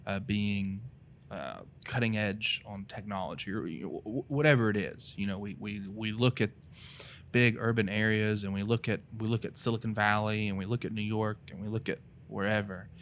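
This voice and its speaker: Man, Appalachian accent, lowish voice, casual faith talk, earnest, rambling. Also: steady tone, normal speed, fairly bright tone, slight background noise. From North Carolina. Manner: earnest, rambling, many "you know" and "right".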